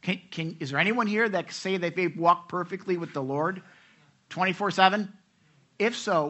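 A man's voice: a little high, pushed and bright, husky. A man preaching a sermon in a conversational way, with rhetorical questions and mimicking voices. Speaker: pastor.

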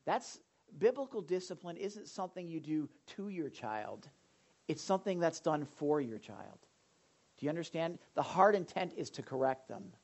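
Animated male pastor acting out scenes. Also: normal speed. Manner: animated, acts out scenes with sudden loud high outbursts. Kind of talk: sermon talk with audience sharing.

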